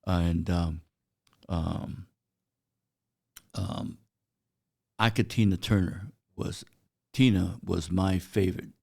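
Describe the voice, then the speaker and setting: An older man with a deep, gravelly voice, originally from China, with Chinese as his first language. He tells anecdotes in a halting, unhurried way, full of "uh" pauses, as a guest in a casual interview. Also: fairly even intonation, dark tone. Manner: halting, anecdotal, frequent "uh" fillers.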